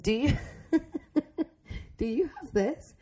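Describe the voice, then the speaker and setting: A woman in her twenties co-hosting a podcast, chatting casually and asking lively, incredulous questions. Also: high voice, extremely slow. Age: 20s. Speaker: podcast co-host. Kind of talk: casual chat.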